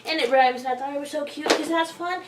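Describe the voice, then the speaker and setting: A woman with a very high, girlish-pitched voice rambles excitedly and naively through a comedy sketch. She sounds set back from the microphone, and the room adds a clear echo. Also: quick pace, noisy background. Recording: roomy and distant from the mic.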